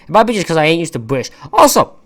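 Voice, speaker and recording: A man's voice: fairly high pitch, huge pitch swings, very fast. A man giving a casual, rambling wrestling-show recap, full of opinionated and exasperated asides. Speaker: wrestling reviewer.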